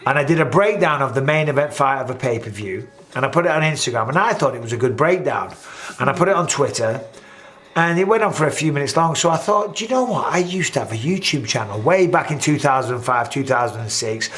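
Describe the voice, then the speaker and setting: A fast-talking man with a mid-range voice hosts a casual chat, animatedly acting out what people said and swearing along the way.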